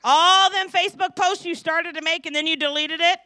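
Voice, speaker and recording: Woman preacher in her fifties, from St. Louis, very high voice, jokes with the crowd, dry close sound. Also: fairly quick, no echo. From St. Louis, USA. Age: 50s. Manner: lively, joking, asks the crowd questions. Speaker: preacher and kindergarten teacher. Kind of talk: sermon.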